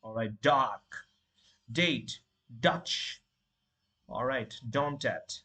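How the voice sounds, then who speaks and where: Husky man drilling English letter sounds. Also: medium pitch, sharp tone. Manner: repeats sounds and words slowly, with fillers like "you know" and "all right". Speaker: English pronunciation teacher. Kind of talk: spoken lesson, drilling single words.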